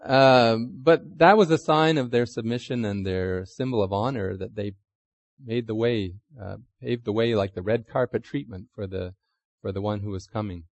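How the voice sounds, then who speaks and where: A man's voice: fairly low pitch, moderate pace, no room sound. A man preaching a sermon, chatty and conversational, asking the listeners questions and acting out quotes. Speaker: pastor.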